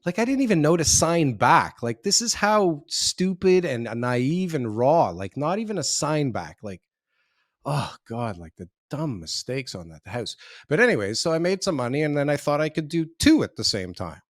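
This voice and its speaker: His voice sits on the high side and has a sing-song quality at normal speed, captured in clean studio sound without room tone. He's a real estate developer in his forties, a guest on an interview, rambling through his story with self-deprecation and many restarts.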